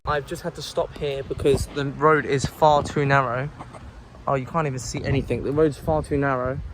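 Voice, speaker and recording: A man's voice: medium pitch, level tone, normal speed. A young man vlogging on a handheld phone while walking outdoors at night, chatting in a jokey, self-mocking, nervous way. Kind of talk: walking vlog talking to camera. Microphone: handheld phone camera. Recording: background music over outdoor phone audio.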